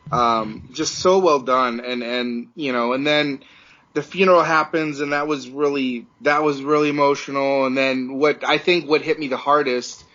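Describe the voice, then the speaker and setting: A man's voice: medium pitch, steady tone, normal speed, a bit bright, muffled recording. A podcast producer, a man, chatting casually and talking earnestly and emotionally.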